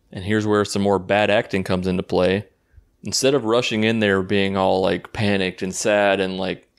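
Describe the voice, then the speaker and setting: A man's voice: sits low, clear, resonant tone. A man giving a casual, rambling and sarcastic recap of a movie, swearing freely as he goes. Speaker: YouTube movie reviewer.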